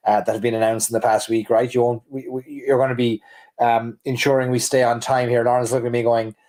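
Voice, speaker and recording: A man with a Cork Irish accent co-hosting a casual livestream. His pitch sits in an ordinary middle range. He rambles with playful, self-mocking asides. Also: warm tone. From Ireland, Cork. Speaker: livestream co-host.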